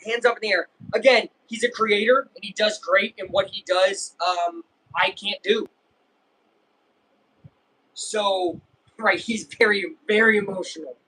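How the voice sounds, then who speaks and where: A young man casually chatting and reacting while streaming a live baseball game, rambling and breaking into excited yells. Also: sits high, a little slow, pauses often, a little hiss or hum, poor audio. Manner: rambling, self-interrupting, bursts of excited yelling. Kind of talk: casual live game watch-along chat.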